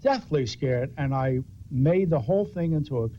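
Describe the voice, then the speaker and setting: A man's voice: fairly high pitch, animated, normal speed. An older man, a talk show guest, telling self-mocking, wry anecdotes. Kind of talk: storytelling in a TV talk show interview. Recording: dull lo-fi TV audio with faint hiss.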